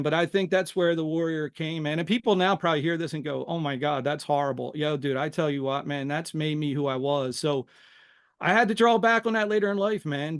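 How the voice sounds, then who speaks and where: A middle-aged man from Philadelphia, the guest on a podcast, telling his life story in an animated, casual way and dropping "man" into nearly every line. His voice is smooth and resonant, sitting a little high for a man. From Philadelphia, USA. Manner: animated, says "man" constantly.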